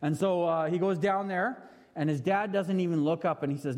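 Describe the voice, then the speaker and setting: Long hall reverb colors this sermon by a man in his thirties, who tells a story animatedly and asks the audience questions. His voice is high and a little mellow, at a moderate pace.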